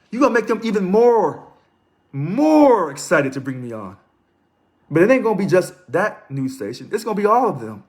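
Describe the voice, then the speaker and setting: A man hosting a casual live stream, reading aloud, commenting and greeting viewers by name. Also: fairly high pitch. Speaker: livestream host.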